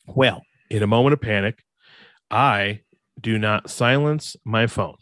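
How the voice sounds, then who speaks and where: A man's voice: fairly low pitch, measured pace, a bit bright, no room sound. A man co-hosting a podcast, telling a rambling story in a casual way and laughing along. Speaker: podcast co-host.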